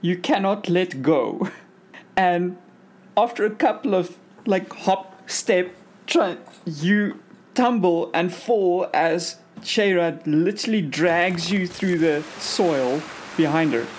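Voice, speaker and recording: A woman narrating a tabletop game as game master in a steady, descriptive way. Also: fairly low pitch, slow pace.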